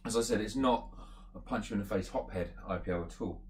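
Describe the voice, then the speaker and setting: A man with a fairly low voice, casually talking his way through a beer tasting. He rambles and thinks out loud, pausing on fillers as he goes. A faint hiss sits under the recording. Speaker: beer reviewer.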